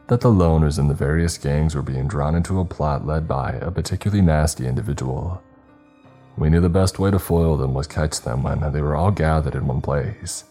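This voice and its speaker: Guy doing a smooth calm supervisor, quick and suave, very deep husky voice. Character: suave, calm older male department supervisor.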